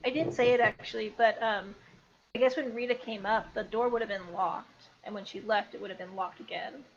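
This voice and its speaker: A woman playing a tabletop game, talking in a hesitant, halting way. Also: mid-range voice, fairly even intonation. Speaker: player. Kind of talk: casual tabletop game chat. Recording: dull lo-fi mic with faint background noise.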